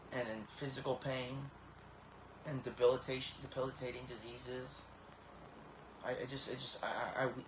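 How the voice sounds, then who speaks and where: Man, 30s, emotional testimony, halting and earnest, near tears, flat delivery; echoey room, faint hiss. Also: mid-range voice. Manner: halting, many repeated starts, earnest. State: tearful, emotional. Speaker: vlogger.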